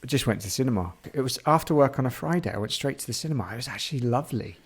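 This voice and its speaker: A man's voice: medium pitch, lively intonation, very fast, breathy edge. A man co-hosting a podcast, playful and giggly in casual chat. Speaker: podcast co-host.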